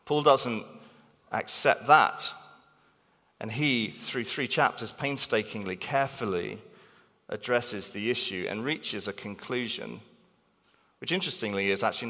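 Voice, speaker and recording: A man preaching a sermon in a church hall, animated and emphatic, repeating phrases for stress. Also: medium pitch, normal speed. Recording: long reverb of a large hall.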